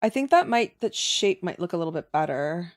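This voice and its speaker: A winded woman chats her way through a drawing livestream, thinking aloud as she works. Her pitch rises and falls a lot, which keeps her talk animated. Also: brisk. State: out of breath. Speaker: streamer drawing emotes. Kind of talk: casual livestream chat.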